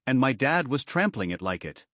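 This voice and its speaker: A man's voice: medium pitch, big pitch swings, moderate pace, a bit bright, no echo, studio quality. A man narrating a first-person family drama story, reading quotes with little change of voice.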